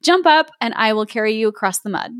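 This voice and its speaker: A woman's voice: a little high, lively intonation, fast, a bit bright, clear, resonant tone, dry recording, studio quality. A woman voicing a brusque, fussy male shorebird in a storybook reading, her tone indignant.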